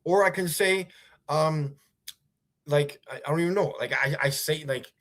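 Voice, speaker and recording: A man's voice: a little high, moderate pace, a bit bright. A man hosting a livestream, talking casually in a sarcastic, rambling way with many fillers. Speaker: livestream host.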